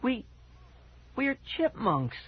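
A man's voice: very high voice, big pitch swings, drawn-out words, breathy edge, pitched above the performer's own voice, full character voice. A man reading an audiobook, voicing a frantic young girl turned into a chipmunk, with a wailing, panicky manner. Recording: dull old cassette audio.

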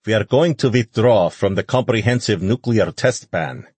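A man's voice: on the low side, normal speed, darkish tone, breathy edge, dry recording, pitched above the performer's own voice. A man voicing a stern male president who speaks in firm, declarative statements. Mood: resolute.

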